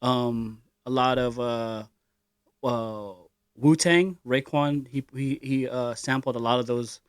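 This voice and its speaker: A man's voice: medium pitch, fairly even intonation, slow, clear, resonant tone, no room sound, studio quality. Rambling young man podcast co-host. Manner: rambling, lots of fillers and slang. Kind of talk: casual chat.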